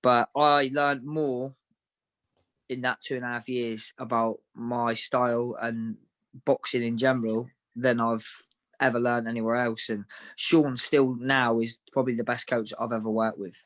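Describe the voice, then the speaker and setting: A man recounts his fights in a relaxed, frank interview. His voice sits at an ordinary middle pitch. He talks matter-of-factly and in anecdotes. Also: a little slow. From Devon, England. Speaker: professional boxer, interview guest. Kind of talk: casual interview storytelling.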